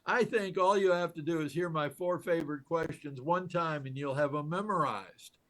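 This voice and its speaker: Lively older man telling stories. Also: fairly high pitch, moderate pace. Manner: enthusiastic, acts out quoted dialogue, laughs often. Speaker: interview guest. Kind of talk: animated storytelling in conversation.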